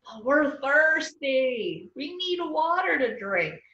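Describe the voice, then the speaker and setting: Whiny accusing wanderers voiced by a woman, raised pitch, storybook, echoey. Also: very animated, takes it slowly, bright, forceful tone, exaggerated voice. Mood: complaining. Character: hungry, thirsty, complaining crowd of wanderers. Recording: echoey room, far off, dull sound.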